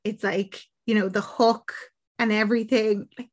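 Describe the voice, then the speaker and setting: An Irish woman chatting casually, telling a film's story in an animated way with lots of fillers. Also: medium pitch, normal speed. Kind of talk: casual film recap chat.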